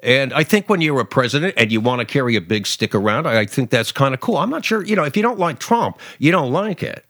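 A man's voice: mid-range voice, very animated, fast, few pauses, a bit bright, no room sound, studio quality. A man hosting a political commentary show, talking casually and sarcastically, often mocking other people's voices.

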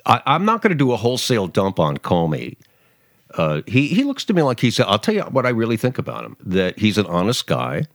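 A man's voice: lowish voice, very animated, a little fast, gravelly, no echo, studio quality. A man hosting a political commentary show, talking casually and sarcastically, often mocking other people's voices.

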